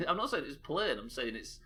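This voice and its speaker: A man's voice: on the high side, sing-song, normal speed, pushed and bright. A British man live-streaming a game, chatting casually with his chat and reading aloud in a chatty, self-interrupting way. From United Kingdom.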